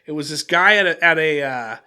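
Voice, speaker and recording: A man hosting a casual podcast, telling an animated story and restarting his sentences often. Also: on the high side, brisk, smooth. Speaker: podcast host.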